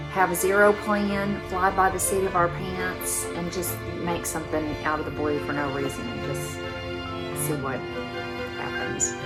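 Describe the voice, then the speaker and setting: A woman, chatting casually to her viewers as host of a crochet channel. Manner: chatty and relaxed, rambling; high sing-song baby talk to her cats. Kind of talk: casual chat to camera.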